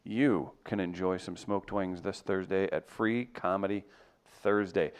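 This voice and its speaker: A man's voice: low-pitched, fairly even intonation, clean tone. A man hosting a radio show, joking and teasing his co-hosts in casual banter. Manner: joking, teasing, quick to mock.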